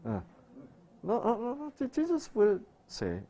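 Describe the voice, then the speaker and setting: A man's voice: very high-pitched, wildly swooping pitch, measured pace, warm tone. A man giving a sermon-style health talk, asking rhetorical questions and answering them himself, with broken, repetitive phrasing. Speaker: health lecturer.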